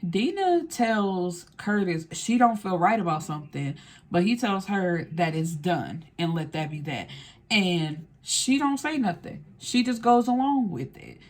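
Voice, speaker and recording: A woman's voice: lowish voice, sing-song, a little slow. A woman recapping a film in a casual, blunt and slangy way, swearing freely as she retells the story. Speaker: film reviewer.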